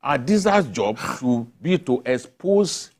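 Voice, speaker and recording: A man on a television panel giving firm opinions, often halting and restarting his sentences. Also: medium pitch, lively intonation, darkish tone. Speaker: journalist panelist. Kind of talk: studio panel discussion. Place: television studio.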